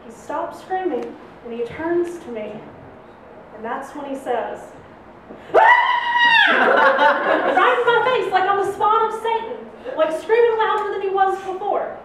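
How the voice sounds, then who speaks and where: A young adult woman telling a funny personal story on stage at a live storytelling night, animated and laughing often, jumping her voice up high to act out the people in it. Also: a little slow. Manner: animated, acts out voices with big pitch jumps, laughs often. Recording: roomy live venue, heard from a distance, faint room noise.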